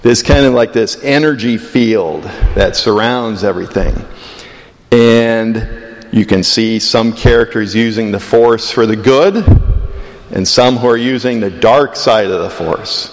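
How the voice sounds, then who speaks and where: A man's voice: on the low side, a little slow. A man in his fifties giving a conversational sermon as a priest, rising with emphasis on key phrases. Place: church. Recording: long church reverb.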